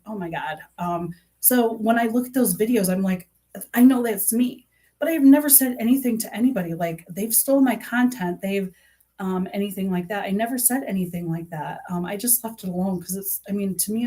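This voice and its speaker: Lowish and dark-toned, a middle-aged woman's voice carries her true crime vlog as she speaks casually to camera. She sounds earnest and aggrieved, rambling with many fillers and restarts.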